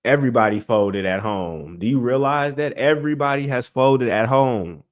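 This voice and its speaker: Animated young man ranting about basketball. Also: mid-range voice, moderate pace. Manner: animated, exasperated, talks to chat directly. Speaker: sports podcast host. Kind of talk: casual livestream sports talk.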